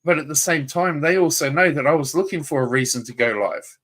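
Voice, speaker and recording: A male YouTube livestreamer, fairly bright in tone and on the high side, talks a little fast during a rant. He goes straight at his rival, confrontational and foul-mouthed, taunting him and repeating himself.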